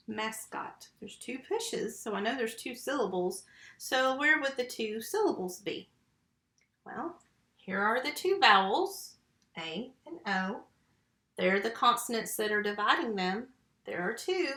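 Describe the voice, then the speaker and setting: Recorded in an echoey room at home, this phonics lesson for young children comes from a woman whose voice is on the high side and sharp in tone. Speaking into a computer mic, she patiently sounds out letters and syllables for first graders, one at a time.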